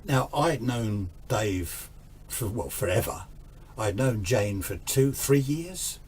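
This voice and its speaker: A man's voice: medium pitch, lively intonation, takes it slowly, a little mellow, slight background noise. A man telling a ghost story in a casual, rambling way, often repeating himself.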